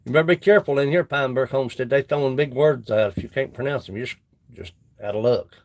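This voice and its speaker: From his woodshop, a man with a medium-pitched voice talks fast and casually on a live stream. He rambles and chats with viewers between tasks.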